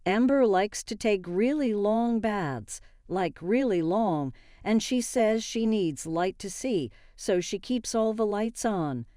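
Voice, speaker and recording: A woman's voice: mid-range voice, animated, takes it slowly, hardly any pauses, mellow, no echo, clean studio sound. A woman voicing a hesitant, apologetic young adult brother. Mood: sheepish.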